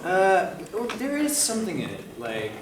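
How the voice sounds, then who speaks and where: A man's voice: high voice, wildly swooping pitch, moderate pace, noisy background. A young man from Kyrgyzstan on stage in a live improv scene, speaking hesitantly with many fillers. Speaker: improv performer. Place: theater stage. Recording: echoey hall from far off with loud music.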